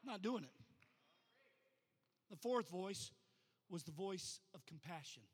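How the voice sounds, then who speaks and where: A man, a pastor, preaching a sermon. He talks plainly at times and builds to loud, rhythmic preaching at others. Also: high voice, lively intonation, a little slow, husky, big-room sound.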